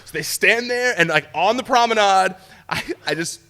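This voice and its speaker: A man, a guest in an interview, telling a story in an animated, casual way, laughing often and saying "like" a lot. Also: high-pitched, moderate pace, vocal fry. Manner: animated, laughs often while telling stories, peppers talk with "like". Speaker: interview guest, news reporter. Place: talk show studio set.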